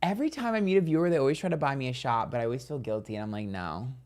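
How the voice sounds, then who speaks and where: A man's voice: medium pitch, racing, a little mellow. A young man, a psychic streamer, chatting casually and bluntly while reading viewer comments, with a lot of "like". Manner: blunt, candid, heavy use of "like".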